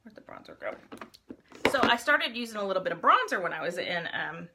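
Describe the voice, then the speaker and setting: Heavy background noise surrounds this middle-aged makeup vlogger's gravelly, mid-range voice. Very animated and fairly quick, she chats with viewers in a live tutorial, talking them through each step while applying makeup.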